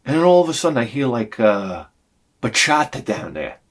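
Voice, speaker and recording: A man's voice: medium pitch, very animated, moderate pace. A man telling an exasperated, profane story in a sarcastic comic rant on his vlog. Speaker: vlogger.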